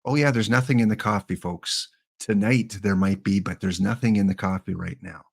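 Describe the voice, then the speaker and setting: A Canadian game streamer in his fifties chats casually with his viewers, rambling, joking, and talking directly to the chat. His voice is fairly low and creaky, with fairly even intonation and a normal speed.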